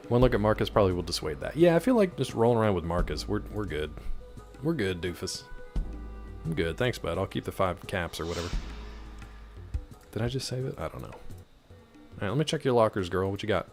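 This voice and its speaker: Soft music sits behind this gaming streamer, whose fairly low voice has a sing-song quality and moves a little fast, broken by long pauses. He chats loosely through a rambling story full of fillers as part of his let's-play commentary.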